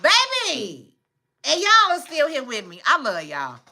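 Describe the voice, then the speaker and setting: A woman's voice: sits high, huge pitch swings, unhurried, sharp tone. Laughing woman on a livestream. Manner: laughing often, exclaiming. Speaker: livestream host. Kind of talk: casual livestream chat with viewers. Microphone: phone camera.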